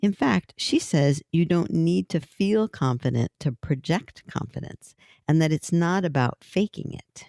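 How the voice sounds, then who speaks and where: A woman's voice: lowish voice, measured pace, vocal fry, dark tone, no room sound. A woman hosting a podcast, chatting loosely with a guest and rephrasing as she goes. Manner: chatty, free-associating, loose phrasing with restarts. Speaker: podcast host. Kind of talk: casual podcast interview. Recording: dry close sound.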